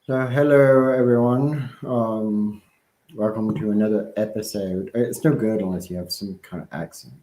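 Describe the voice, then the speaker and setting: A man with a slight Southern accent co-hosting a casual live-streamed chat, rambling and halting with many ums and restarts. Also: on the low side, fairly even intonation, warm tone, echoey room, rough recording.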